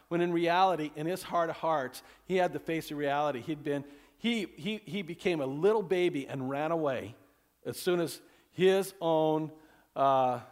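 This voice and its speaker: Guy with a pretty high voice giving a laid-back rambling sermon, lots of you-knows and jokes. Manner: folksy, rambling, leans on "you know", cracks jokes. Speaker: pastor. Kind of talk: casual conversational sermon.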